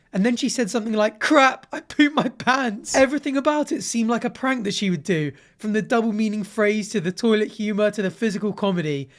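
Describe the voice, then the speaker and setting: A man hosting a comedy show, reading online posts aloud and reacting with animated, sarcastic commentary. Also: high voice.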